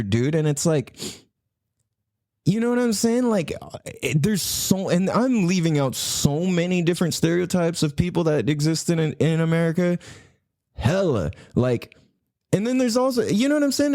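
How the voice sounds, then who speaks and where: A man's voice: fairly high pitch, no room sound, clean studio sound. A man hosting a podcast in casual, rambling chat, swearing freely and laughing as he goes. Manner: animated, profane, laughing, rambling. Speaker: podcast host.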